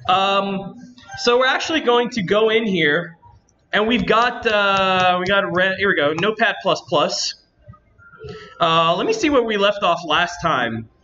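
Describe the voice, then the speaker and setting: A man's voice: sits high, bright, forceful tone, lo-fi sound. A man hosting a convention panel, chatting to the audience and thinking aloud as he works. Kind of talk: live demo to an audience.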